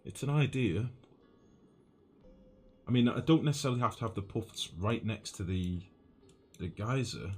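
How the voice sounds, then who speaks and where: Northern english guy streaming a game, lowish husky voice, chatty, calls everyone mate. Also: lively intonation, moderate pace, pauses often. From northwest England. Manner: thinks aloud, chats with chat, calls people mate. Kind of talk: live-stream gameplay chat with viewers.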